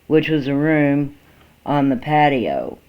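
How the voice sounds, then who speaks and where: A man reading a first-person story aloud in a slow, halting way, with small restarts, on a dull lo-fi recording. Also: on the high side, big pitch swings, clear, resonant tone. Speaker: amateur story reader.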